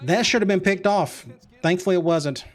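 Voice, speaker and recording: A man talks through a football video game in a casual commentary. His voice sits a touch high, and he mutters play calls and quick reactions as though half talking to himself. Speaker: gaming commentator.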